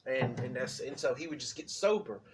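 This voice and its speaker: A man's voice: mid-range voice, animated, a little fast. Rambling profane man telling a story, distant mic. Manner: rambling, profane, fillers like "you know what I'm saying". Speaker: podcast co-host. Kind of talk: casual storytelling chat. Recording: distant mic with clear background noise.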